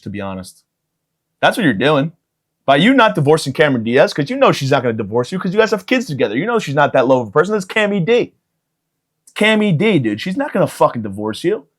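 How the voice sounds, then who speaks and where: A man's voice: medium pitch, a bit bright. A man in his thirties carries his podcast solo, rambling from one joke to the next. He swears freely and pokes fun at himself in a loose, unscripted monologue. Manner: profane, self-mocking, riffing. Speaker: podcast host.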